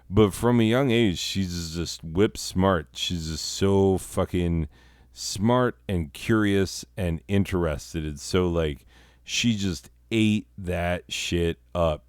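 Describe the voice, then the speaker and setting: A man's voice: sits low, takes it slowly, clear, resonant tone, no echo, studio quality. A man hosting a comedy show, telling stories in a rambling, profane, casual way full of fillers. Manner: rambling, heavy swearing, many fillers. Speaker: comedy podcast host. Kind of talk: casual profane comic storytelling.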